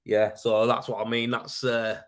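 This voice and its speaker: A man's voice: mid-range voice, level tone, unhurried, a bit bright. Male host, easygoing live-stream chatter, rambling, peppered with mate and man. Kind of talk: casual live-stream chat answering viewer comments.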